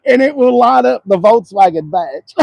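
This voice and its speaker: On a dealership lot, a male car vlogger gives a loose, chatty walkaround review in a gravelly, husky, very high voice. He's loud and excitable, swinging from murmurs to shouts with lively, up-and-down delivery, and the recording is close and dry.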